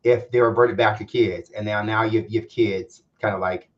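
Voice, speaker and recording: A man co-hosting a casual chat show, quick and excitable, repeating words as he talks. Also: fairly low pitch, dull audio. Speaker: co-host.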